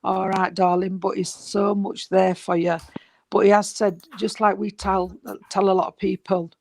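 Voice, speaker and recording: A spiritualist medium giving a gentle, reassuring reading, rambling and repeating, with many fillers. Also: medium pitch, flat delivery, moderate pace, vocal fry, poor audio. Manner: gentle, reassuring, calls the sitter sweetheart and darling. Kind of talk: mediumship reading at an online service.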